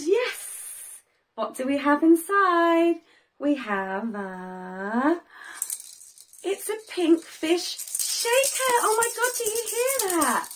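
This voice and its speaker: A young woman teaching toddlers, talking in a slow, sing-song way with big gasps and cheerful praise. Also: very high voice. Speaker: children's teacher. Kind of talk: toddler learning video.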